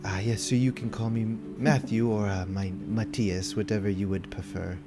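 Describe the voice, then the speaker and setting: A man's voice: lowish voice, steady tone, moderate pace, lightly acted. A man voicing a polite, formal elderly male merchant in green robes, with music behind. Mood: courteous.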